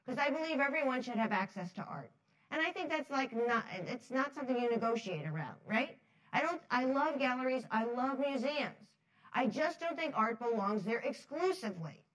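Woman, storytelling talk, fairly high voice, animated, chatty, acts out quotes, laughs often. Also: rough recording. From New Jersey. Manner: chatty, many fillers like "like". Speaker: speaker at a foundation talk series.

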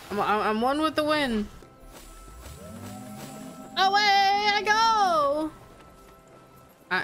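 A young woman playing a video game and chatting casually as she goes, excitable and giggly. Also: high-pitched. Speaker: gaming streamer. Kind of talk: casual let's-play commentary.

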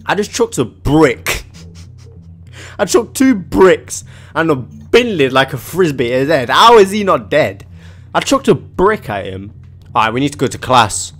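A young man talks through a video game in an excitable, slangy rush, his voice leaping up and down with lively swings. He sits a touch higher than most men, and faint music plays beneath him. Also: a little slow. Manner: excitable, yelps and laughs, slangy. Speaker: gaming YouTuber. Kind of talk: gaming commentary.

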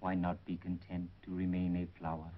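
An actor playing a watchful, calculating male spy who speaks in measured, formal broken English and proverbs, in 1930s film acting on a dull 1930s film soundtrack. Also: sits low, monotone, natural voice.

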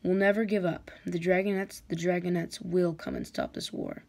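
A woman's voice: on the low side, wildly swooping pitch, moderate pace, gravelly, darkish tone, full character voice. Woman doing a defiant, wounded ice dragon. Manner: pained, desperate.

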